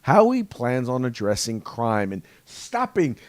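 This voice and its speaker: A man's voice: mid-range voice, wildly swooping pitch, a little slow, no echo. A man hosting a casual political podcast from his studio, mixing sarcastic jokes with news commentary. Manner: jokey, sarcastic asides. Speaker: host. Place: home studio.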